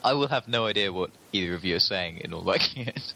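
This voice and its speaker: A man's voice: sits low, animated, fast talker, gravelly, pushed and bright, poor audio. A man co-hosting a podcast, explaining ideas patiently in an agreeable casual chat. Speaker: podcast co-host.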